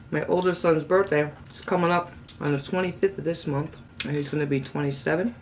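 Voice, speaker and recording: A middle-aged woman hosting a casual home cooking vlog, chatting to viewers and cooing at her parrot in a high sweet voice. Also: steady tone, brisk, few pauses, slight background noise. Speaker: cooking channel host. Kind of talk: casual chat to camera.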